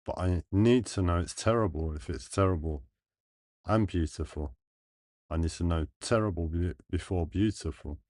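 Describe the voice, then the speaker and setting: A streamer with a low, deep voice that's a touch mellow speaks to his viewers slowly and in earnest. His phrases come haltingly as he thinks aloud, with frequent pauses and restarts. Nothing echoes; the sound is dry and near.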